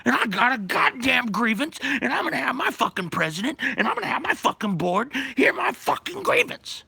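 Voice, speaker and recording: A man voicing a furious, foul-mouthed union worker who plays Santa, shouting his grievance. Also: very high-pitched, big pitch swings, a little fast, gravelly, husky, no echo, pitched above the performer's own voice, heavily acted. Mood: enraged. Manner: profane, shouting.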